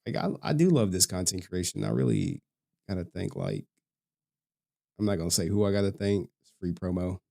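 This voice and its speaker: A man's voice: sits low, huge pitch swings, a little fast, creaky, dark tone. A man chatting casually as a streamer, laid-back and talkative while reacting to a video.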